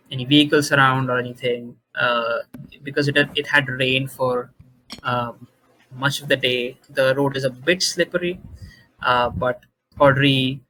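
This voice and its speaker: Guy game master for a tabletop rpg, bright voice, lots of uhs and restarts. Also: medium pitch, poor audio. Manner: halting, many fillers and restarts.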